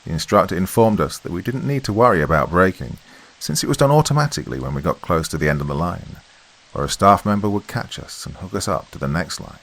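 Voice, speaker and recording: A man reading a scripted horror story as podcast narrator, in a measured, steady storytelling manner. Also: low-pitched, vocal fry, poor audio.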